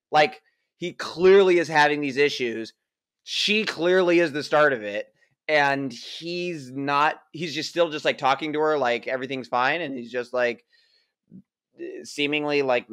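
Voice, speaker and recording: A man's voice: medium pitch, clear, resonant tone. A man co-hosting a casual TV review chat, ranting and swearing about what annoys him. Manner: ranting, swears, animated complaints. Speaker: co-host.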